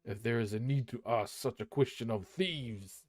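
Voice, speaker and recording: A man voicing a proud, furious male dwarf king in a storybook reading, with loud, drawn-out lines. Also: mid-range voice, no room sound, clean studio sound, pitched below the performer's own voice, natural voice. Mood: wrathful.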